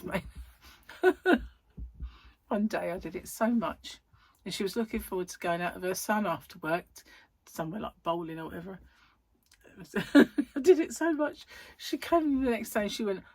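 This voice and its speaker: A woman's voice: lowish voice, moderate pace, pauses often, husky, dry recording. Chatty, yawning woman. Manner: chatty, rambling, giggly storytelling. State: yawning, tired. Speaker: vlogger. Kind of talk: casual chat to camera.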